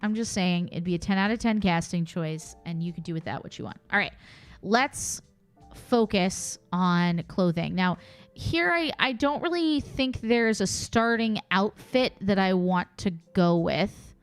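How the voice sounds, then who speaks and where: A woman streams in an unhurried, chatty way, musing aloud and tossing in playful asides. A faint wash of music sits behind her. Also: medium pitch, animated, clear, resonant tone. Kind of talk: casual live-stream commentary.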